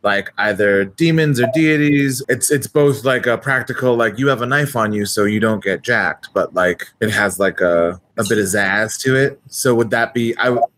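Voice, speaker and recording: A man's voice: on the low side, normal speed, few pauses, fairly bright tone, slight background noise. A man chatting as a player while building a tabletop character, rambling and hesitant with many restarts. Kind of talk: tabletop character creation chat.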